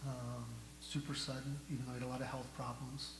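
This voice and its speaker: A male pastor preaching a sermon, asking the congregation rhetorical questions and moving between hushed and loud delivery. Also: medium pitch, flat delivery, quick pace. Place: church sanctuary. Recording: echoey church hall with faint hum.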